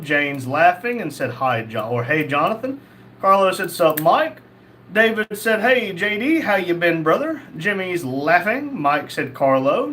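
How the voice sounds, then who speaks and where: A man's voice: on the high side, slight background noise. A man hosting a casual livestream, reading viewer messages aloud and joking back at them. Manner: jokey, laughs often, reads messages in a flat quoting tone. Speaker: livestream host.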